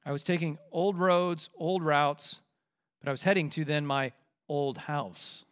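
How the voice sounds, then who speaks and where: A pastor delivers a sermon in a fairly high voice for a man. He keeps asking his listeners questions and leans hard into his key points with mounting force. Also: steady tone, unhurried, clear, resonant tone. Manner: rhetorical questions, rising to forceful emphasis.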